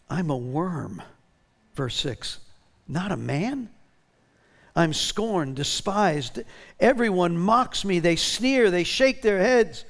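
A male pastor preaching with a gravelly, creaky edge in a slightly higher voice. He swings between emphatic bursts and quieter passages as he reads scripture aloud. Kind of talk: sermon.

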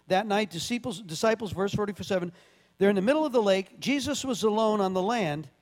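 Male pastor, high voice, conversational sermon with sudden emphatic bursts, long hall reverb. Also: animated, brisk. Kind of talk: sermon with scripture reading.

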